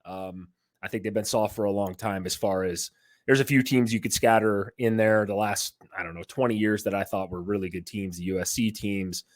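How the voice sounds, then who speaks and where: A man's voice: on the low side, moderate pace, dry recording, clean studio sound. A man co-hosts a casual sports podcast. He jokes a lot, gets worked up, and fills his talk with "like" and "you know.". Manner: excitable, jokey, lots of fillers. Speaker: podcast co-host.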